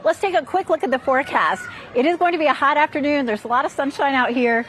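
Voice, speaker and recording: A high-voiced woman gives a live report from an outdoor park. She talks in an upbeat, chatty way and sounds a little out of breath. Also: fast, a bit bright, slight background noise. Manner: upbeat, chatty, laughing between lines.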